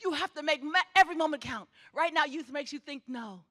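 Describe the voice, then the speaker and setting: Middle-aged woman, commencement speaker, high and bright, preacher's cadence, hammers her points by repeating them. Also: a little fast. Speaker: graduation ceremony speaker. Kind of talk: spirited commencement address. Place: theatre stage.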